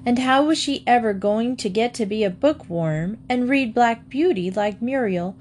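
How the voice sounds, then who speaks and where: A woman narrating a children's book in a steady, measured storytelling voice. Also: on the high side, a little hiss or hum. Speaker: audiobook narrator.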